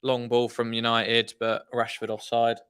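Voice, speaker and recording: Exasperated man with a bright, forceful voice. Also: medium pitch, unhurried, clean tone. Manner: animated, exasperated fan commentary. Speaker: football watchalong host. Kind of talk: live match reaction commentary.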